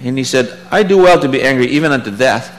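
A man teaching a Bible passage in a sermon, reading verses aloud and then commenting in a relaxed, conversational way, his voice rising for emphasis. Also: quick pace, rough recording. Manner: animated, rises in pitch and volume for emphasis. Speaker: preacher.

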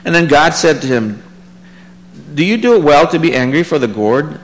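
A man teaching a Bible passage in a sermon, reading verses aloud and then commenting in a relaxed, conversational way, his voice rising for emphasis. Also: moderate pace, rough recording. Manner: animated, rises in pitch and volume for emphasis. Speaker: preacher.

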